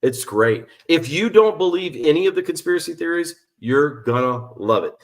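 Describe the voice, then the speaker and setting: A man's voice: on the high side, normal speed. A man, an actor and musician, chatting playfully as a podcast guest. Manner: playful, animated storyteller. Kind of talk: casual podcast interview.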